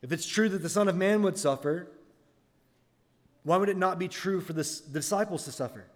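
A man's voice: high-pitched, fairly quick, big-room sound. A man preaching a sermon, earnest, asking the congregation rhetorical questions. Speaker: pastor.

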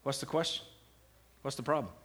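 A man's voice: medium pitch, lively intonation, a little fast, fairly bright tone. A middle-aged man giving a classroom lecture on Bible meditation, putting questions to his students and answering them. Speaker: seminary lecturer.

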